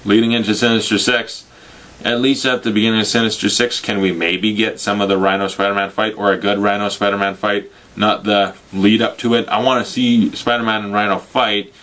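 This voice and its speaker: A young man talks through a film review in a casual, ranting way, slipping into mocking quoted voices. His voice sits somewhat low. He swears freely and keeps a sarcastic edge throughout. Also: flat delivery, brisk, fairly bright tone. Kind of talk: casual spoiler review rant.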